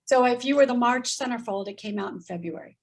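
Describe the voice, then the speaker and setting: A woman in her fifties telling a story in casual chat, animated and acting out voices as she goes. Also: fairly high pitch, quick pace. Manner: animated, acts out voices in quotes, laughs often. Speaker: guest.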